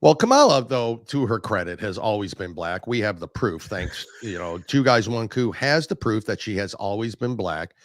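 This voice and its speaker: Sarcastic male podcast host, lively pitch. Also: normal speed, hardly any pauses, no echo. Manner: crude, sarcastic, mocking, swears freely. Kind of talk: casual chat.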